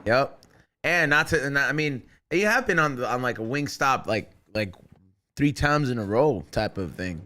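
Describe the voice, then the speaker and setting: A man's voice: mid-range voice, animated, moderate pace, pushed and bright. A man hosting a podcast in casual, joking, profane banter. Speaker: podcast host. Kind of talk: casual chat.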